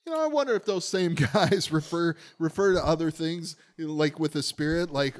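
A man co-hosting a casual podcast, throwing in sarcastic jokes and quick quips. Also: on the high side. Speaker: podcast co-host.

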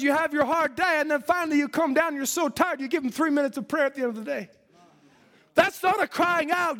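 A man's voice: very high-pitched, a little fast, fairly bright tone, in a large hall. A man preaching a fervent sermon to his congregation, reading scripture aloud and exhorting his listeners. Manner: fervent, preachy, quoting scripture in old-style English.

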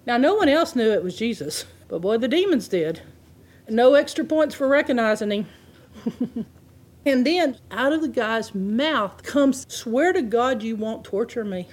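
Animated woman preaching a sermon. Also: on the high side, measured pace. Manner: animated, laughs often, reads scripture aloud.

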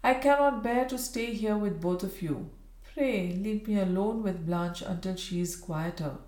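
An anxious young woman pleads through her tears, her voice lifting higher than the narration, as a woman reader puts her on. The recording has a roomy echo. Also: measured pace, a little mellow, lightly acted. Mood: tearful. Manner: pleading, tearful.

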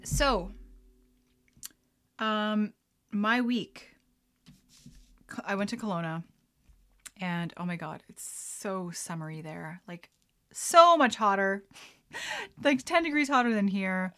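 A woman's voice: medium pitch, animated, takes it slowly, pauses often, bright, forceful tone. A young woman hosting a casual podcast at home, chatty and rambling, often breaking into giggles as she talks. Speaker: podcast host. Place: at home, mixing a drink on camera.

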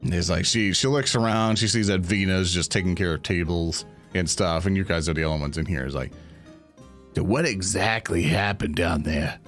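A man running a tabletop game as game master, narrating in a casual way with frequent laughter and fillers. Soft music plays behind him. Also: sits low, a little fast, hardly any pauses.

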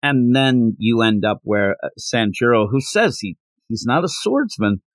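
A man hosting a casual podcast, recapping a manga chapter with jokes and frequent laughs, slipping into quick character voices. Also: mid-range voice, no echo. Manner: animated, slips into character voices while retelling scenes; joking, laughs often. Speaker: podcast host.

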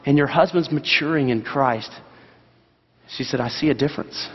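A man's voice: mid-range voice, moderate pace, breathy edge. A man preaching a sermon as pastor, earnest and asking his listeners direct questions. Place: church sanctuary. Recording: dull sound, long hall reverb.

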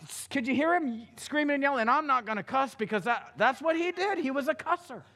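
A male pastor preaching a sermon, telling the story with animated acting-out of characters. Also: extremely high pitch, fast talker, in a large hall.

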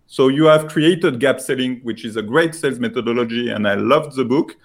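A man from France with a French accent pitching his software product, speaking haltingly with many filler sounds.

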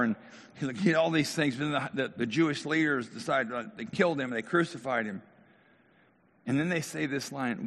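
Gravelly pastor preaching in a hall. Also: male voice, medium pitch, normal speed. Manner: animated, questioning. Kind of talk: sermon. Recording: long hall reverb.

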